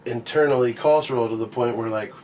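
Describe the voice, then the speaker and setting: A man's voice: medium pitch, brisk, a loud crowd. A man co-hosting a podcast, talking loosely and swearing a lot, with "you know what I mean" in nearly every line. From grew up on a reservation. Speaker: podcast co-host. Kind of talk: casual chat.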